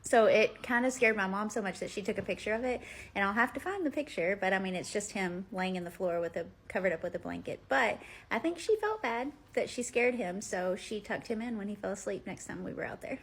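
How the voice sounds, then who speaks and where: A woman's voice: mid-range voice, fairly quick. Rambling woman telling ghost stories. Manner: rambling, full of "like" fillers. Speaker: vlogger. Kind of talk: casual storytelling. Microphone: phone.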